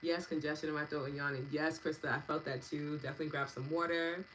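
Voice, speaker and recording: A woman in her thirties, a meditation and EFT practitioner, hosting a live wellness session and chatting warmly with viewers by name. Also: low-pitched, flat delivery, fast, slight background noise, rough recording. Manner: gentle, affectionate and chatty, thanking viewers by name.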